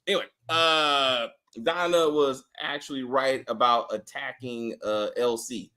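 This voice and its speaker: A man co-hosting a casual TV episode review, profane and animated, acting out characters as he complains. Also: medium pitch, moderate pace, few pauses. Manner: animated, profane, mimics characters mid-rant. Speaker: show co-host reviewing a TV episode.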